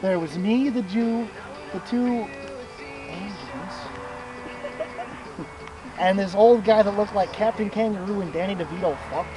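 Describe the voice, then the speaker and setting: A young man with a high voice tells a crude, meandering story to his friends. He curses freely and laughs at his own jokes as loud music plays behind him. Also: measured pace, pauses often, rough recording. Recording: music playing loudly behind.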